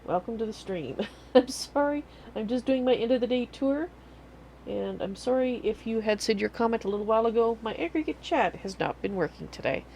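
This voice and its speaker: A woman's voice: on the high side, brisk, warm tone, slight background noise. Chatty woman livestreamer. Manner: chatty, rambling with self-corrections. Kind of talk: casual livestream commentary.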